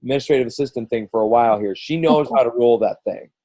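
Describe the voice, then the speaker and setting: A man's voice: medium pitch, quick pace, warm tone, no echo, rough recording. A middle-aged man leading a group coaching call in a casual, rambling way, full of restarts and acted-out quotes.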